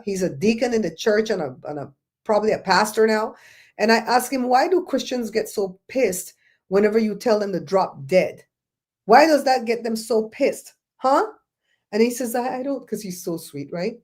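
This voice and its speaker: A woman's voice: medium pitch, darkish tone. A middle-aged woman hosting a casual talk show, ranting bluntly and telling stories with mocking quoted voices. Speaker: host.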